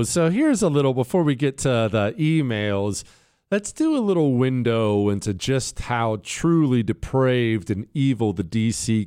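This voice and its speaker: A man's voice: mid-range voice, a little mellow, no room sound, clean studio sound. A man hosting his own talk show, talking in a sarcastic, combative, mocking way. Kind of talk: opinionated radio talk.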